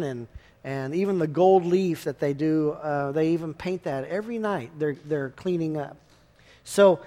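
A man's voice: high voice, darkish tone. A man preaching a sermon in a folksy, conversational way, telling everyday stories to make his points. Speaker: pastor.

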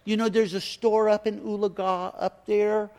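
A preacher doing a stammering gentle hitchhiker. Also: male voice, sits high, flat delivery, moderate pace, big-room sound, voice pushed up. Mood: earnest. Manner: stammering, repeats words. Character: halting, simple-spoken hitchhiker man, gentle and earnest.

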